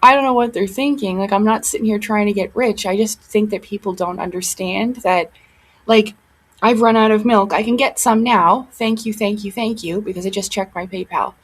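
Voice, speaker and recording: A woman's voice: medium pitch, normal speed, slightly rough, poor audio. A young woman talking casually to her camera at home, rambling and emotional, with many fillers and restarts. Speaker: vlogger.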